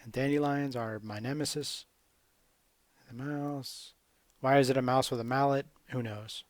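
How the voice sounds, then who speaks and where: A man's voice: medium pitch, fairly even intonation, unhurried, no room sound. A man casually commentating his gameplay with wry, sarcastic asides. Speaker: gamer commentating a speedrun.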